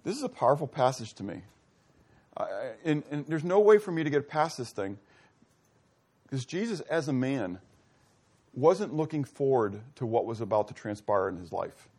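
A male pastor delivering a sermon in a casual, conversational way, often asking his congregation questions and acting out short dialogues, with his voice sinking low and soft at times. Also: very animated, normal speed.

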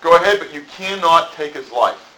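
A man's voice: on the high side, expressive, moderate pace, bright, forceful tone, roomy sound, a little hiss or hum, rough recording. A preacher voicing God as a playful, coaxing male deity. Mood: teasing. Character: God, a lofty male deity teasing the devil.

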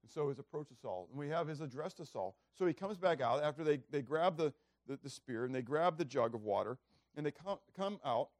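A man's voice: a little high, lively intonation, fairly quick, no echo. Man, pastor, conversational sermon, rhetorical questions, dry close sound. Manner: acts out biblical speeches with loud raised voice.

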